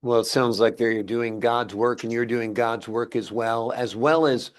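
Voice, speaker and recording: A man's voice: mid-range voice, fairly even intonation, unhurried. A man hosting an interview in an upbeat, enthusiastic way. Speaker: interview host.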